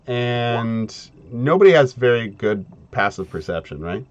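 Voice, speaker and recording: A man narrating as game master of a tabletop game, talking in halting bits with many fillers and restarts. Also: medium pitch, expressive, highs cut off.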